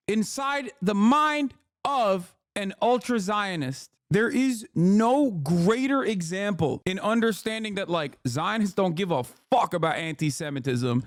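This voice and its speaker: A man's voice: sits high, expressive, takes it slowly, dry recording, studio quality. A man hosting a stream, talking in a profane, sarcastic, rambling way. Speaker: streamer host. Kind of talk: casual commentary.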